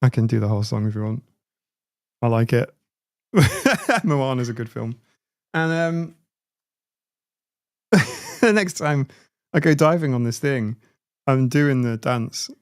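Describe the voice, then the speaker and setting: Gravelly, chatty man on a livestream. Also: mid-range voice. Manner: rambling, chatty, laughs often and restarts words. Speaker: livestream host. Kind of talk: casual chat on a livestream.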